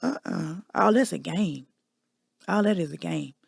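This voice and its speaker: Gravelly-voiced woman confessing candidly. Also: on the low side, unhurried, no echo, clean studio sound. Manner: candid, emphatic storytelling. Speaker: podcast host. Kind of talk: personal confession monologue.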